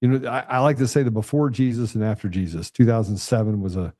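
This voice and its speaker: A man hosting a talk, speaking earnestly and haltingly, with frequent restarts. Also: medium pitch, steady tone, dark tone, no room sound, studio quality. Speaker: host. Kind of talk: casual interview chat.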